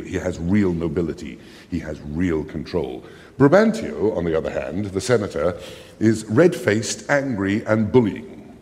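A man lecturing on a play, emphatic and animated, with dramatic readings of its lines. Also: deep voice. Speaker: literature lecturer. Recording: long hall reverb.

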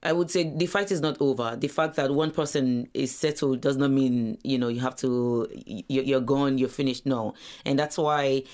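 Nigerian-born woman on a radio chat, middle-aged, animated, laughs a lot. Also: very deep voice, normal speed, hardly any pauses. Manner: animated, laughs easily, acts out family voices. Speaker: guest. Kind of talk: radio interview.

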